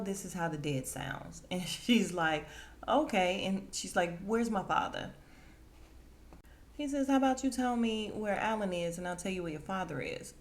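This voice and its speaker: A woman hosting a podcast, casually recapping a TV episode and acting out the characters' lines with lively, expressive delivery. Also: on the low side. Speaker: podcast host.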